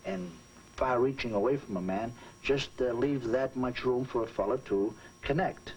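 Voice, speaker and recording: A man's voice: mid-range voice, moderate pace, a little mellow, breathy edge, poor audio. A man with a Boston accent hosting a 1950s boxing broadcast, talking in an earnest, plain-spoken way. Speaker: host of a boxing telecast. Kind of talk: 1950s TV chat and fight intro.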